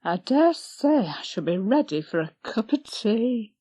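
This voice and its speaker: A bustling, gloomy village wife, as a woman reader puts her on, grumbling in broad country dialect at an unhurried pace. Her pitch swings widely as she complains. The storybook recording is dry and close. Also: big pitch swings, warm tone, no echo. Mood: brisk. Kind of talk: audiobook character voice.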